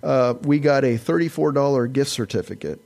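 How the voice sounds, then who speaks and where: A man's voice: medium pitch, brisk, gravelly, darkish tone. A man preaching a conversational sermon, telling everyday stories in a folksy, rambling way with many restarts. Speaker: pastor.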